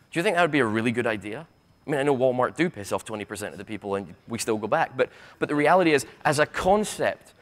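A Scottish man with a Glaswegian lilt gives a conference keynote in a fired-up, sarcastic way, and he does not hold back on the swearing. His voice sits at an ordinary middle pitch. He trips over his own words in quick restarts as he pushes his points. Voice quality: sarcastic, blunt, swears freely. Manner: impassioned, stammering restarts, rapid asides. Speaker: keynote speaker. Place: university conference hall.

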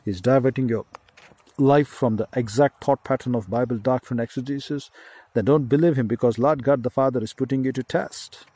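A man delivers an emphatic sermon, returning again and again to the same phrases as he teaches scripture. His voice sits in a middle pitch, and the recording is dry and close with little room sound. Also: fairly quick, mellow, slightly rough, no echo. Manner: emphatic, repetitive Bible teaching with Hebrew word studies. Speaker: preacher.

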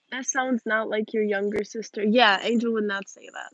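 A young woman, tired and yawning, reading viewer questions aloud and chatting back in a relaxed way on a livestream outdoors. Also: fairly high pitch, moderate pace, few pauses, dry recording, muffled recording. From Russian-speaking family. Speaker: livestream host. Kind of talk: casual livestream chat reading comments.

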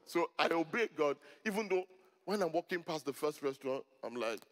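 A middle-aged man, a pastor, preaching a sermon to a congregation, telling stories with humor and rising to loud emphatic peaks. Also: on the high side, lively intonation, a little fast. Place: church hall before a congregation. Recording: long hall reverb.

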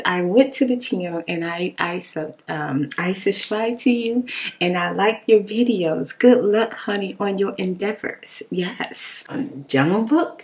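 A woman rambling casually to her viewers in an informal, animated way. She talks expressively and laughs often. Now and then her voice drops into a soft whisper. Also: fairly low pitch. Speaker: ASMR vlogger. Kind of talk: casual rambling chat reading viewer comments.

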